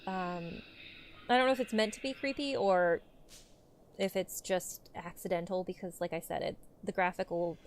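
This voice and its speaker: A woman's voice: lowish voice, steady tone, moderate pace, slight background noise. A woman hosting a let's play, giving casual, rambling commentary with the odd swear. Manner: chatty, rambling asides with swearing.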